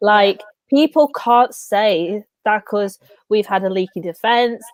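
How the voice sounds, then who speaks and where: A woman's voice: medium pitch, takes it slowly, no room sound. A woman co-hosting a casual football chat show, talking in an enthusiastic, rambling way. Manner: enthusiastic, rambling, says "do you know what I mean". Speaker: podcast co-host.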